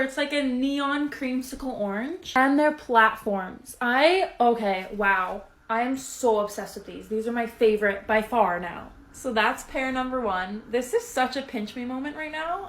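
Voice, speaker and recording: Gushing high-voiced young woman unboxing. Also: slow, reverberant, slight background noise. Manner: gushing, breathless excitement with gasps. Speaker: influencer. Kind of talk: excited unboxing vlog.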